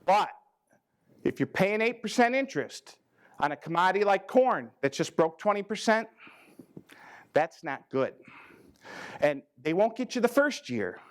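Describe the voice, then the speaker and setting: Speaking unhurriedly with long pauses, a very animated, high-voiced ag risk management advisor from the American Midwest jokes through a conference talk to farmers. In a learning center room with a live crowd, he teases in a folksy way, voicing quoted farmers with dramatic pitch leaps.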